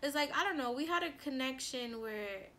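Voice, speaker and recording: A woman who is a mother, chatting casually through a storytime, animated and full of "like" and her own quoted thoughts. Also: high voice, fairly quick, a little hiss or hum. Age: adult with a son. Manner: animated, lots of "like" and quoted self-talk. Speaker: relationship coach and vlogger.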